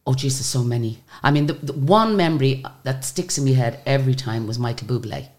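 An older woman, a guest singer on a radio interview, speaks in a very deep voice at a fairly quick clip. She chats away telling anecdotes, animatedly acting out the dialogue in her stories.

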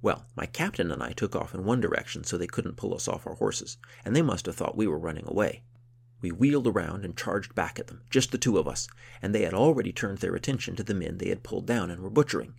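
A man voicing a boastful, hot-tempered warrior count who talks loudly and grandly. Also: sits low, expressive, quick pace, vocal fry, slightly rough, heavily acted. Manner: loud, blustering, grandly boastful.

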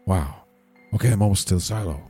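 A man playing a bumbling, self-important townsman under hypnosis, who talks in a rambling, excitable, panicky way. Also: deep voice, fast talker, slightly rough, faint music behind.

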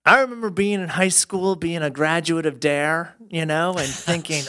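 A man's voice: fairly high pitch, moderate pace, hardly any pauses, sharp tone. A man co-hosting a casual podcast, playful and enthusiastic, laughing often. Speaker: podcast co-host.

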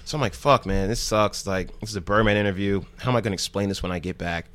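A man from New Jersey talks as a podcast guest, spinning a loose, rambling story. He is heavy on "like" and swears freely. His voice sits low, and it is recorded dry and close with no room sound. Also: fast, fairly bright tone, dry recording. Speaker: podcast guest, news show host. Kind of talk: casual storytelling.

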